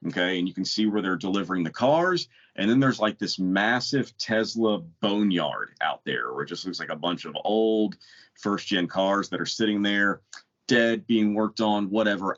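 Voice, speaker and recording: A man's voice: low-pitched, fairly bright tone. A man co-hosting a casual podcast, telling a story bluntly and rambling with restarts. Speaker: podcast co-host. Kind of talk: casual chat. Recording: dull lo-fi podcast audio.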